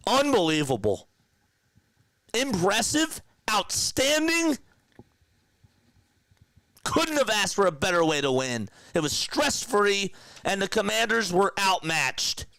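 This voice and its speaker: A young man hosting a casual sports livestream, talking to his chat with excitement and emotion. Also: high voice, takes it slowly, pauses often, no echo.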